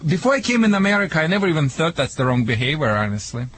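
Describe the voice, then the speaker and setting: A man's voice: a little high, very animated, racing, a bit bright, slightly rough. A man from Russia with a Russian accent, co-hosting a radio show as a dog trainer, joking and playful in broken English with many restarts. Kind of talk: casual radio chat.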